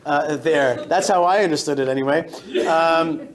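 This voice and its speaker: A man in his forties, a rabbi giving a lively storytelling talk to a synagogue congregation, often restarting and repeating words. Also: a little high, normal speed. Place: synagogue hall.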